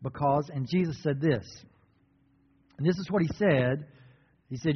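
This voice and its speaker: A man's voice: on the high side, normal speed, pauses often, husky. Man preaching in an echoing hall. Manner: animated storytelling, acts out biblical dialogue. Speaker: pastor. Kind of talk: sermon. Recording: dull, muffled sound with long reverb.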